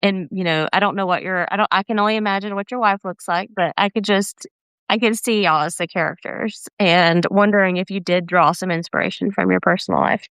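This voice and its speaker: A woman's voice: medium pitch, steady tone, brisk, fairly bright tone, clean tone, no echo. A woman co-hosting a casual book chat on a video call, asking questions in a hesitant way with many fillers. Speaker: co-host.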